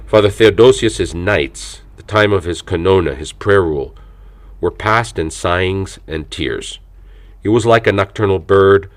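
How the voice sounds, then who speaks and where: A man reading an audiobook aloud in a measured, reverent manner. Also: deep voice. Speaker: audiobook narrator. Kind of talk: scripted audiobook narration.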